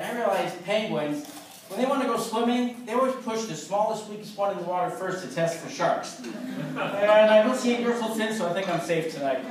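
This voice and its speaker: Man, 50s, stand-up comic, high voice, distant and echoey club sound. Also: a little hiss or hum. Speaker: stand-up comedian. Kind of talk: stand-up comedy set. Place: comedy club stage.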